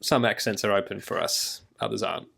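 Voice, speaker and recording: A man co-hosting a podcast, telling casual stories in an animated way. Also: on the low side, a little fast, gravelly. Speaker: podcast co-host. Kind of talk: casual chat.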